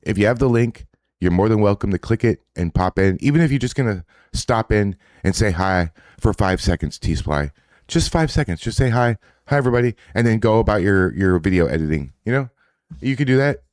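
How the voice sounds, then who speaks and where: A man's voice: on the low side, lively intonation, moderate pace, darkish tone, no echo, clean studio sound. A man hosting a casual reaction stream, talking in a profane, rambling way with indignant asides. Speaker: streamer host reacting to social media posts. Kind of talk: casual livestream reaction commentary.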